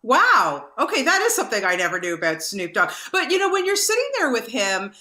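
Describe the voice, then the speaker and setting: Bright-voiced enthusiastic woman interviewer. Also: a little high, sing-song, brisk. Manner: enthusiastic, with fillers. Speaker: interview host. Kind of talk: online video interview. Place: Canada. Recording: roomy echo.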